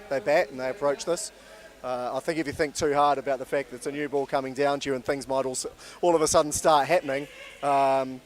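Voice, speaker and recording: A man calls an indoor cricket match. His voice sits at an everyday middle pitch, and his delivery is relaxed, measured and conversational. He analyses the play in an easygoing way. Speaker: cricket commentator. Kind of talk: live sports commentary.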